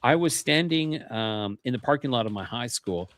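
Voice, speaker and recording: This podcast guest on a paranormal interview show speaks at a moderate pace in a medium-pitched, slightly bright male voice with lively intonation. Earnest about his experiences, he keeps restarting his sentences and repeats words at their starts.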